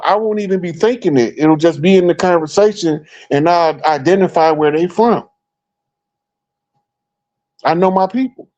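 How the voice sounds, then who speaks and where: A middle-aged man from Chicago, telling stories in a relaxed, animated way as a guest speaker. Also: on the high side. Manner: animated storyteller, acts out quoted remarks. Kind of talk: casual storytelling talk.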